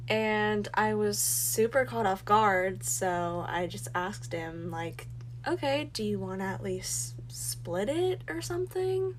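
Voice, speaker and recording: A woman telling a story about a bad date to the camera, with a lively, indignant manner. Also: medium pitch, unhurried, slight background noise, rough recording.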